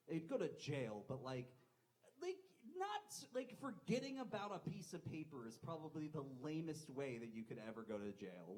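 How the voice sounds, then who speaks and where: A man's voice: medium pitch, very animated, normal speed, darkish tone, low-quality recording. A man doing a live stand-up set at a comedy club, rambling and self-deprecating, swearing a lot. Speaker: stand-up comic.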